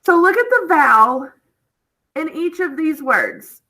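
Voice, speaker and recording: A woman with a high, bright, expressive voice and a forceful tone teaches children a phonics lesson online. She patiently sounds out letters and words slowly and clearly, checking in with "okay?". The recording quality is low.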